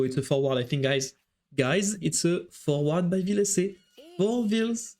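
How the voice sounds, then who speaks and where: A man's voice: high-pitched, darkish tone. Male esports caster, French accent, lightly raised voice, casual live-stream chatter. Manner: chatty, thinks aloud, quick reactions to the match. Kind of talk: live game commentary while chatting with viewers.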